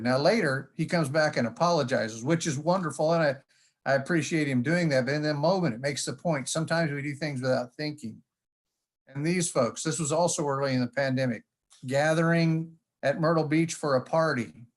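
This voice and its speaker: A man giving a conference presentation in a folksy storytelling manner, with jokes along the way. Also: a little high. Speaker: conference speaker. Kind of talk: presentation talk.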